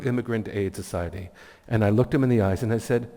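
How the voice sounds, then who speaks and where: A man's voice: lowish voice, fast talker, few pauses, mellow. A man giving a keynote sermon as a rabbi, telling stories in an earnest, reflective way and offering blessings. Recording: long hall reverb.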